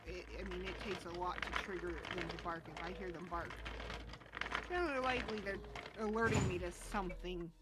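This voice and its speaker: A woman's voice: fairly low pitch, fairly even intonation, brisk, heavy background noise. A woman chatting casually on a live stream, telling an exasperated story with lots of fillers. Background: background music.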